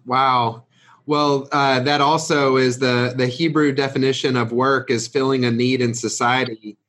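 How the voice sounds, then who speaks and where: A man hosting an interview, asking measured, encouraging questions. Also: mid-range voice, fairly even intonation, fairly bright tone. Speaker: interview host.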